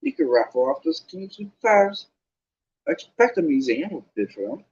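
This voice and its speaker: A man's voice: a little high, big pitch swings, moderate pace, darkish tone, muffled recording. A man doing a smug sneering schoolboy. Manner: smug, drawling.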